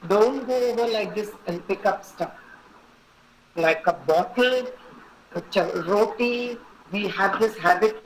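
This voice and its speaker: A woman's voice: mid-range voice, slight background noise, rough recording. A woman teaching an online etiquette class, giving firm, repetitive instructions and checking in with her students. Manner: instructive, repeats points and checks with "okay?".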